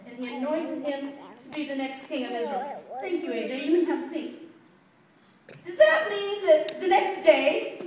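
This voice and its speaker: A woman teaching children a Bible story, playful, asking them questions and laughing often. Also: sits high. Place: church room with children. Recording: echoey room, mic far off, faint noise.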